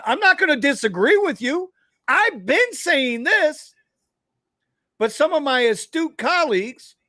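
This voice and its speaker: A man's voice: very high-pitched, pushed and bright, dry recording, clean studio sound. A man from Florida, co-hosting a casual talk show, ranting bluntly with plenty of profanity. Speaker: podcast co-host. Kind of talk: casual chat.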